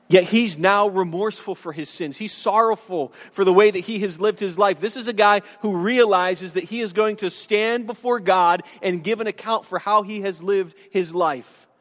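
High-voiced pastor preaching in a hall. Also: male voice, a bit bright. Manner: earnest, conversational preaching with restarts and asides. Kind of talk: sermon. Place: church sanctuary.

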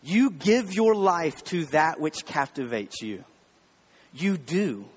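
A man delivers a sermon in a casual, conversational way, often speaking straight to his listeners. His voice sits a little high for a man. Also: very animated, slow, breathy edge, in a large hall. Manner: conversational preaching, addressing the crowd with "y'all". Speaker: pastor.

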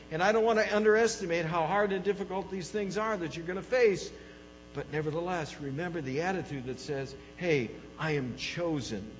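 Fervent male preacher in a reverberant hall. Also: fairly high pitch. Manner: dynamic preaching, swinging between soft and loud; asks the congregation questions. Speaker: pastor. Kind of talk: sermon. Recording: dull hall recording with mains hum.

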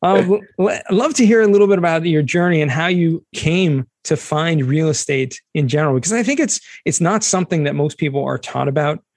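A man's voice: a little high, fairly quick, hardly any pauses, no echo, clean studio sound. A man in his forties hosting a podcast interview, enthusiastic and upbeat. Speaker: podcast host.

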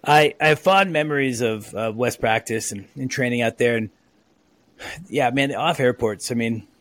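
A man hosting a relaxed podcast conversation. He wanders through stories with lots of "uh" and "you know". His voice sits at a middle pitch and is recorded dry and close over a remote call. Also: moderate pace, no room sound. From Oregon, USA. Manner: chatty, rambling with many fillers. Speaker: podcast host. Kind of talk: casual podcast chat. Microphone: own mic on a remote call.

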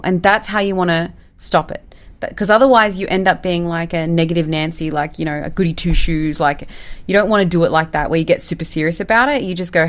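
Woman, business coach, lowish voice, direct, animated casual advice talk. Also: brisk. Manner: direct and animated, acts out quoted lines. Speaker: business coach and recruitment firm owner.

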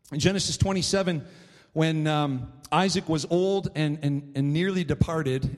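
A man's voice: fairly high pitch, long reverb tail. A man preaching a sermon, retelling a story in a loose, rambling way full of fillers. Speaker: pastor.

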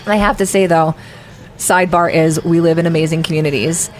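Animated storytelling woman, lowish voice. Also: fairly quick. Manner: animated storyteller, acts out quotes with big pitch jumps. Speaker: podcast co-host. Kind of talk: casual chat. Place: restaurant table.

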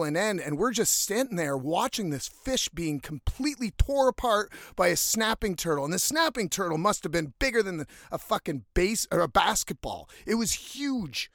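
A man telling a story casually, animated and swearing freely. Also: high-pitched, no room sound, studio quality. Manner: animated, profane, conversational.

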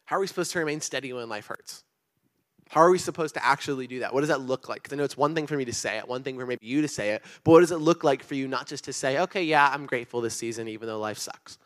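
A young man giving a relaxed, chatty sermon to a church audience, speaking loosely with many fillers like "um" and "like". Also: medium pitch, fast. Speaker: pastor. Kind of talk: casual youth sermon.

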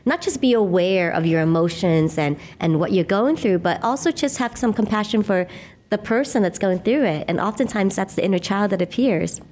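A middle-aged woman guest, a laughter yoga leader, speaking in an earnest, gentle, reflective way in a conversational interview. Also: mid-range voice, expressive, normal speed. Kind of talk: conversational interview, guided exercise.

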